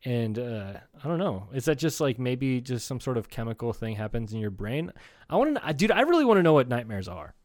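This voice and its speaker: A man's voice: medium pitch, sing-song, brisk, darkish tone, dry recording. A man co-hosting a casual comedy podcast, talking in an easygoing, reflective way with casual swearing. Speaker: podcast co-host.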